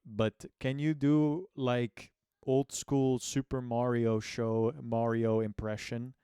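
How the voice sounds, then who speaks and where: A man's voice: mid-range voice, level tone, takes it slowly, warm tone, smooth, dry recording, clean studio sound. A man streaming live and chatting casually, rambling along with plenty of self-mockery and offhand swearing.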